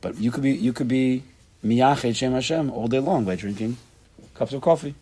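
A man leads a small, informal Torah class, speaking animatedly, repeating phrases and dropping in Hebrew and Yiddish words. His voice is medium-pitched and a bit rough, at an ordinary pace.

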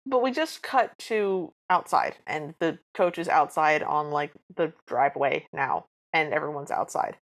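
A woman co-hosting a chatty podcast, with a mid-range pitch, no higher or lower than usual. She is animated and recaps a cartoon, acting out its scenes with playful voices. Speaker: podcast co-host. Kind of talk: casual chat recapping a cartoon.

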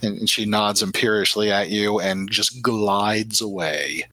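A man narrating as game master of a tabletop role-playing game, describing scenes in a halting way. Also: fairly low pitch, fairly even intonation, sharp tone, no echo, poor audio.

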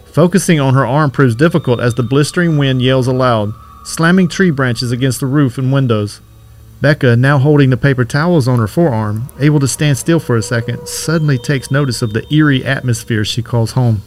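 A man tells a scripted horror story in a steady, even voice, with soft music under him. His pitch is mid-range for a man. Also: a little fast. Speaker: narrator.

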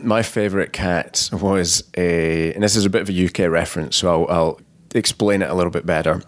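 A man's voice: sits low, fairly even intonation, fairly quick. A man hosting a podcast, playful and teasing, laughing often. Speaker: podcast host. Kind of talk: casual podcast conversation.

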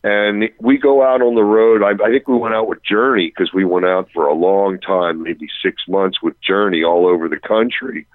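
A man, a touring rock musician, telling an animated anecdote on a radio interview, breaking off and restarting as he goes. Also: low voice, normal speed, few pauses, no echo, phone-quality sound. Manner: animated, self-interrupting, chuckling storyteller.

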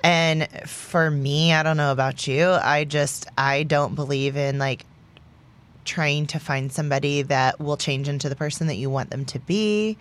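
A woman in her late thirties talking through her views on a podcast in a low, grounded voice. She speaks casually, pausing on fillers, then stresses her points firmly. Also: fairly even intonation. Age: late 30s. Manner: reflective, emphatic opinions with frequent fillers. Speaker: podcast co-host. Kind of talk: casual chat.

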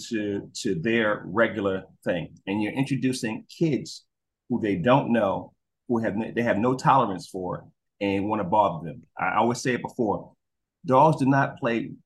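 A man telling stories in a casual interview as a guest. He swears freely and acts out dogs and people in quick voices. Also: lowish voice. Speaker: guest, crime scene investigator. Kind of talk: animated storytelling in casual interview.

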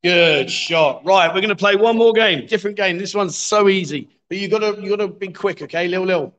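A man's voice: high-pitched, fairly quick, a bit bright, low-quality recording. Jokey man hosting a livestream. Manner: jokey, coaxing, chatty with viewers. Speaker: livestream host. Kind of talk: live-streamed pool game commentary. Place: bar with a pool table.

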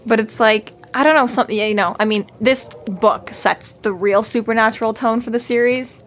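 A woman's voice: on the high side, fairly even intonation, normal speed, fairly bright tone, a little hiss or hum. Rambling woman laughing through book talk. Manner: rambling, laughs often, many fillers. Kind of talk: casual book discussion.

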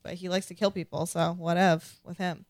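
A woman's voice: lowish voice, little pitch movement, fairly quick, dry recording, clean studio sound. A woman co-hosting a casual podcast, reading listener comments aloud and reacting with frequent laughter and swearing. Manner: chatty, swears freely, laughs often. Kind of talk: casual chat.

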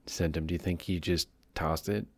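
A man with a very deep voice chats as a podcast co-host. He chimes in with short reactions and asks curious follow-up questions. His voice sounds dry and close to the mic. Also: fairly even intonation, moderate pace, no room sound. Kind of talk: casual chat.

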